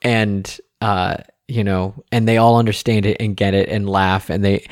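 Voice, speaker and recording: A man's voice: on the low side, normal speed, dry recording, studio quality. A man co-hosting a family podcast, chatting casually and animatedly with lots of fillers and restarts. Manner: rambling, many fillers and restarts; animated storyteller. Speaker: podcast co-host. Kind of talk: casual chat.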